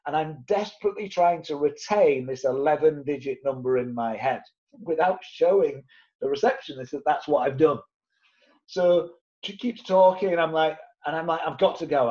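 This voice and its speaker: A man, telling an animated story to camera and acting out the other people's voices as he goes. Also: a little high, dull audio. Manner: lively, acts out the other voices in his tale. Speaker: property investor sharing his story.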